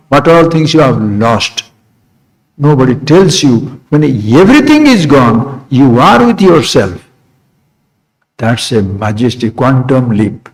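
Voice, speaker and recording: A man giving a spiritual discourse. He talks in short repeated phrases and asks rhetorical questions, swinging from quiet remarks to sudden high emphasis. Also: lively intonation, takes it slowly, rough recording. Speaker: spiritual teacher.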